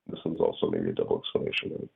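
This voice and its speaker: Male teacher, deep and husky, rambling casual delivery, phone-quality audio. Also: monotone, very fast. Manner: hesitant, many fillers and restarts. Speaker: grammar teacher. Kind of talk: casual online class explanation. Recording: tinny phone-like line.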